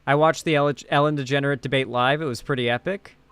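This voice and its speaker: A man's voice: mid-range voice, steady tone, quick pace, a bit bright, clean tone, no room sound. A tired man chatting casually on a live stream, rambling and full of fillers. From United States. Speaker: streamer and commentator.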